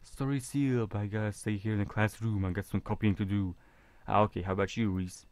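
A man reading a visual novel aloud in a casual, halting way with jokey asides. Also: on the low side, steady tone, a little mellow, no echo. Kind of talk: casual game reading with commentary.

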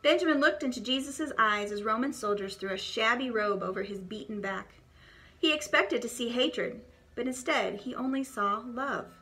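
A woman reading a children's devotional storybook aloud in an expressive, clear storytelling manner. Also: on the high side, moderate pace.

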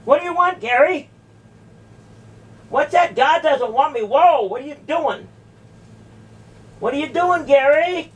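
A woman's voice: high-pitched, lively intonation, unhurried, pauses often. A woman in a heated confrontation in a church, incredulous and repeating her questions again and again. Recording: voice distant from the mic.

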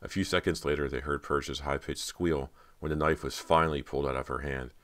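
A man reading a horror audiobook in a steady, dramatic way. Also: a bass voice, a little fast. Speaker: audiobook narrator. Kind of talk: scripted narration of a horror novel.

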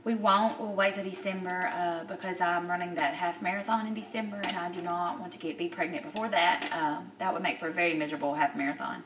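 Woman in her thirties, tearful video diary, halting, lots of fillers; roomy echo, mic set back. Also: on the low side, fairly even intonation, a bit bright, far from the mic, a little hiss or hum. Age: 30s. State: upset, near tears. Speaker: vlogger.

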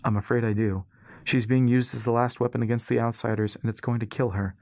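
A man narrating an audiobook voices a giant man in a robot suit who speaks in a low, grave, commanding tone. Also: little pitch movement, brisk, darkish tone, no echo, lightly acted.

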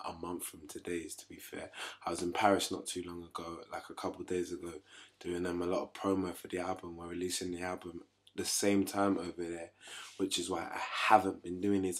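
Low, flat-voiced young man chatting casually. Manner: chatty, apologetic, upbeat promo talk. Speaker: musician promoting a tour. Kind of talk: casual video diary. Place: his home kitchen.

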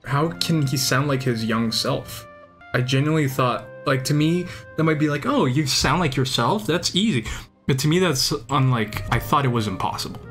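A man's voice: medium pitch, moderate pace, fairly bright tone, faint music behind. A young man chatting casually while streaming a game, rambling and enthusiastic, often restarting his sentences. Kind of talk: casual chat while gaming.

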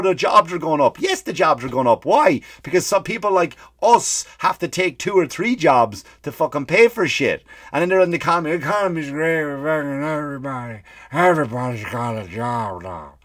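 A man's voice: a little high, fairly bright tone, slightly rough, dry recording, clean studio sound. A profane, ranting male comedian. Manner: profane, rapid, emphatic ranting with repeated phrases. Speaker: comedian, podcast host. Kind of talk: comedic rant.

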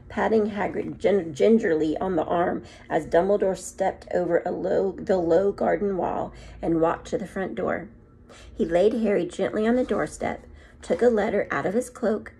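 A woman, a second grade teacher, reading a children's book aloud in a gentle, expressive storytelling manner. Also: medium pitch, breathy edge.

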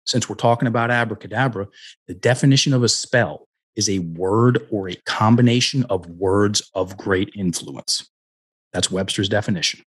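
A middle-aged man, a personal development coach, telling stories as a guest in a podcast interview on a headset mic, animated and acting out the dialogue. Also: fairly low pitch, moderate pace, breathy edge.

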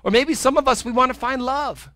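Bright high-voiced man preaching. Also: fairly quick, dry recording. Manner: conversational preaching with playful asides. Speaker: pastor. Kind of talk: sermon. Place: church sanctuary.

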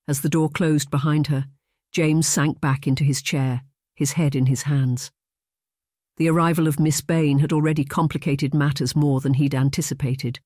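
An audiobook narrator reading a romance novel in a measured, even storytelling voice. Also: mid-range voice, no room sound, studio quality.

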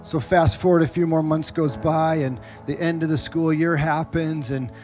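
A middle-aged pastor preaching a sermon in a church, telling a personal story with lively, acted-out quotes. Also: male voice, a little high, moderate pace, faint music behind. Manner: animated storytelling, acts out quoted voices. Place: church sanctuary.

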